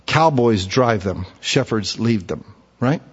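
A man preaching a sermon, telling folksy stories and switching between quiet asides and loud, emphatic points. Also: mid-range voice, lively intonation, slow, slightly rough, long reverb tail, muffled recording. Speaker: pastor.

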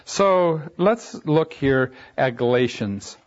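A man preaching a Bible sermon as a teacher, with animated rises and drops in pitch and slow, emphatic delivery. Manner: slow, emphatic delivery with brief asides and restarts. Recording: dull lo-fi recording.

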